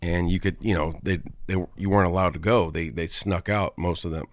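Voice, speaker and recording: Deep-voiced rambling man, dry room. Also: fairly even intonation, fairly quick, no echo. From Florida, USA. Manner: rambling, digressive, frequent restarts and casual swearing. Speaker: podcast host, film reviewer. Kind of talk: casual rambling monologue.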